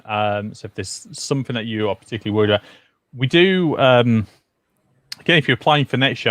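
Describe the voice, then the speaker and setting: A chatty man with a Yorkshire accent hosts a university gaming stream, stopping and restarting with fillers. His voice sits in an everyday middle pitch. The sound is dry and close, with no room around it. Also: fairly bright tone, dry recording. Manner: chatty, hesitant with many fillers. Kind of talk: casual livestream chat.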